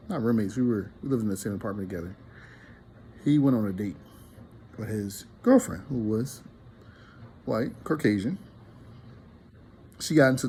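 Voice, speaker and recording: Man, casual vlog storytelling, rambling with restarts, earnest, mid-pitched voice, faint room hum behind. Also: a little mellow. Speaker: relationship vlogger.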